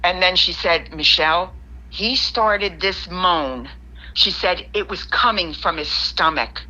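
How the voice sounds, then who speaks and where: Lively storyteller woman on a dull line. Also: fairly low pitch, slow pace. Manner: animated storytelling, quoting her friend in lively asides. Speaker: guest caller. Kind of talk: telling a paranormal story.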